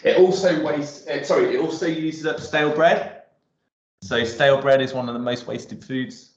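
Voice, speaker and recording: A man's voice: medium pitch, steady tone, moderate pace. A man hosting an online cooking workshop, talking casually and rambling with many ums and restarts while he cooks in a home kitchen on a video call. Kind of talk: casual live cooking demo talk. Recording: roomy, dull video call audio.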